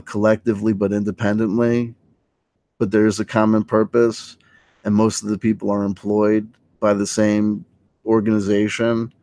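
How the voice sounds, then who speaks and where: A man with a fairly low voice talks through a late-night livestream monologue, circling and restarting his thoughts. His delivery is loose and hesitant. The sound is dry and close, with no room around it. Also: no room sound. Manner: rambling, hesitant, full of restarts, animated when quoting. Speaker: livestream host.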